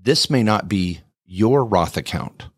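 A man's voice: on the low side, slow, husky. A man co-hosting a podcast, telling a story in a casual, jokey way and acting out the people in it. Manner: animated, jokey storyteller who acts out quoted people. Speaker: podcast co-host.

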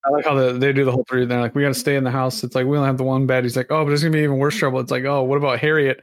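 A man's voice: mid-range voice, level tone, racing, no room sound. A man co-hosting a podcast, rambling casually about a movie with lots of fillers and the odd swear word. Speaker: podcast co-host. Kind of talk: casual chat reviewing a movie.

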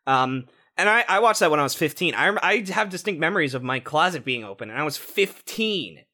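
Young guy on a podcast, bright forceful voice, swears a lot, keeps restarting. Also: a little high, brisk. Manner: animated, swearing, many restarts. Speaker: podcast co-host. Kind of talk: casual chat.

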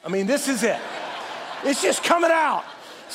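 Loud, animated male pastor preaching. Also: very high voice, normal speed, big-room sound, slight background noise. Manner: loud, passionate, self-deprecating, improvised. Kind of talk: sermon.

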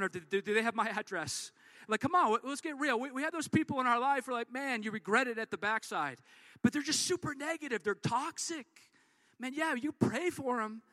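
A man preaching a sermon in an energetic, conversational way, repeating and restarting words as he drives his points home. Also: high-pitched, no room sound, clean studio sound. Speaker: pastor.

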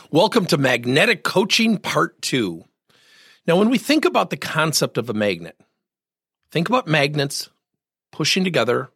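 A man's voice: medium pitch, slightly rough, no echo, studio quality. A man coaching on leadership, telling workplace stories in an upbeat, hyper way. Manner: upbeat, hyper, animated storytelling. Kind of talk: motivational storytelling monologue.

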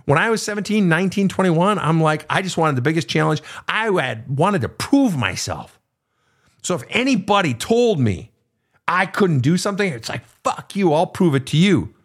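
A man's voice: a little high, normal speed. A middle-aged man hosting a podcast, giving blunt, profane advice to listener questions in a casual monologue. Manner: blunt, profane, animated storytelling.

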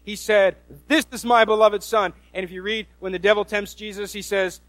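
A man preaching a sermon as a pastor, folksy and animated, with many restarts. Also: high-pitched, moderate pace, hardly any pauses, no echo, soft background music.

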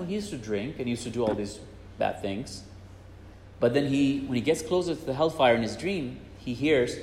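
A man preaching and retelling a religious story in an earnest way, often repeating himself as he goes. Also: fairly high pitch. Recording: echoey hall with long reverb.

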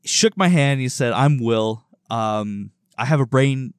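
Male co-host, mid-pitched voice, lively anecdotal delivery, frequent laughter, dry close mic. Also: unhurried, smooth, dry recording. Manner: animated storyteller, laughs often, swears. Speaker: podcast co-host. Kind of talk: casual chat.

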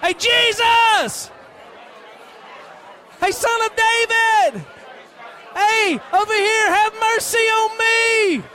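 A man's voice: very high voice, unhurried, long pauses, a crowd in the background, noisy background. A man preaching, acting out a blind male beggar on the roadside who is eager and desperate, calling out and laughing. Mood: desperate shouting. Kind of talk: sermon role-play.

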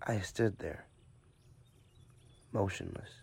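A man narrating a first-person horror story, tense and hushed at times, urgent at others. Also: sits low, takes it slowly, gravelly, slightly rough. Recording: music bed under the narration.

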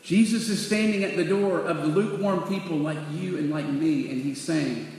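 Male pastor, middle-aged, high voice, storytelling sermon, fervent, big reverberant sanctuary. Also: moderate pace, a little mellow. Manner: storytelling, acts out children's voices, builds to fervent appeal. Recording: echoey hall with long reverb.

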